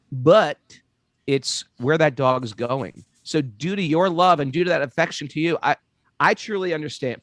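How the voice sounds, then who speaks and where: Brief: an animated male co-host telling stories, fairly high voice, voices the people he quotes. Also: no room sound. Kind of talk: casual storytelling.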